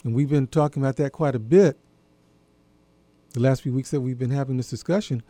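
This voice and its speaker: A man hosting a talk program, musing aloud in a deliberate, folksy way and posing questions to his listeners. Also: medium pitch, warm tone, no room sound. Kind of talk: reflective monologue.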